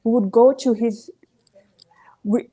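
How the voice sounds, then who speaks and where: A woman's voice: a little high, steady tone, slow pace, mellow. A woman calling in to a live show, earnest and emphatic, often asking "you see". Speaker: caller. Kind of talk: call-in opinion.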